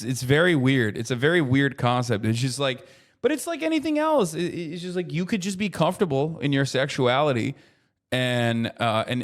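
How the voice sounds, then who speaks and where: A man streaming casual commentary, talking in an animated, profane way that keeps breaking into loud mocking rants. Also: mid-range voice. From United States. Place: traveling in Japan.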